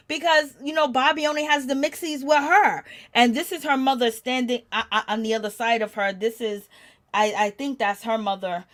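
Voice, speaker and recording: A woman giving a chatty, gossipy recap of a reality show, growing animated when she quotes the people in it. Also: fairly high pitch, moderate pace. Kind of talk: casual recap commentary.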